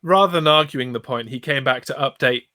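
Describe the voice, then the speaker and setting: A man's voice: medium pitch, fairly quick, sharp tone, dry recording, studio quality. A man co-hosting a casual podcast, ranting bluntly and swearing a lot. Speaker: podcast co-host.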